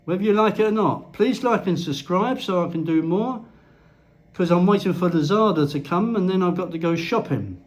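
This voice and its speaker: A man with a high-pitched voice rants to the camera in a loose, rambling way. He is blunt and swears freely, talking like a casual vlogger in the Philippines. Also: normal speed.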